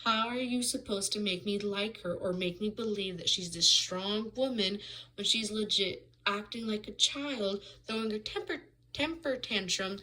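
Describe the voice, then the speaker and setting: A woman's voice: mid-range voice, poor audio. Exasperated woman ranting about a book. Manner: frequent "like" fillers and restarts. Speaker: book reviewer. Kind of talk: casual ranting book review.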